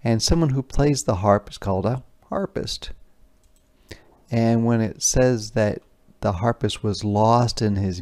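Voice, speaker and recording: A man teaching by reading a picture book aloud to young children, stopping to explain words and pictures in simple terms. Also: fairly low pitch. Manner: puts gentle emphasis on the words he reads aloud.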